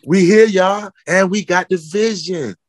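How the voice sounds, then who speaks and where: In a dry recording, a high-pitched man who founded a footwear company talks a little slowly but with fire during an interview. He preaches and challenges people through repeated questions.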